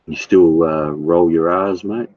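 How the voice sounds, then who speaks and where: A man chatting casually with his live stream viewers, blunt and profane, halting with fillers. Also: low-pitched, steady tone, lo-fi sound. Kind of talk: casual chat.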